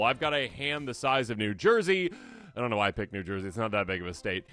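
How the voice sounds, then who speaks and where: A man hosting a casual deck review, jokey and animated, who talks straight to imagined opponents. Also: on the low side, quick pace, soft background music. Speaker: host.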